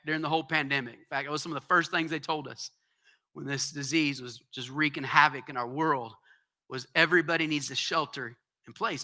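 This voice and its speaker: A man preaching a sermon as pastor in a church, speaking in a conversational way that swells into emphatic, shouted exhortations. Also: high-pitched. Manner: conversational asides with quick laughs.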